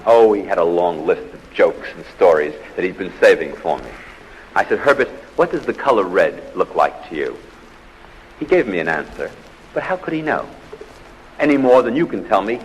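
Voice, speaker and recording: A man from the United States giving a humorous psychology lecture on stage, telling anecdotes with dramatic pauses and punchy delivery. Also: lowish voice, a little hiss or hum. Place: large theatre stage, live audience. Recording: old live theatre recording with hall reverb.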